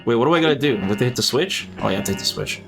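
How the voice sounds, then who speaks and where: Male streamer, mid-pitched and ordinary, rambling and profane, talking to chat over faint game music. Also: animated, rapid-fire, creaky. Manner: rambling, swears freely, talks to his viewers. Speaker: gaming streamer. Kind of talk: casual chat while playing a game.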